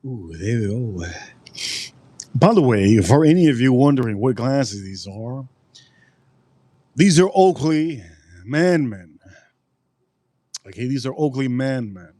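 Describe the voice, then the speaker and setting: A man's voice: mid-range voice, very animated, slow pace, pauses often, dark tone, no room sound. A man rambling through a casual live-stream food review, repeating himself and answering his chat. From United States.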